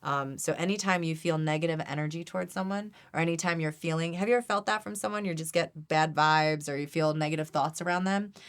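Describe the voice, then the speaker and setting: Woman guest, low voice, earnest and emphatic, conversational interview. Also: steady tone, quick pace, hardly any pauses. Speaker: guest energy healer.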